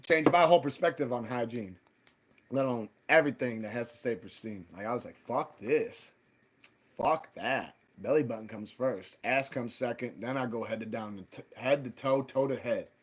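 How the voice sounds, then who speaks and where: Husky-voiced man ranting profanely. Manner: animated, profane, swings loud and high when quoting people. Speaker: livestream host. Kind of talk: casual profane ranting monologue.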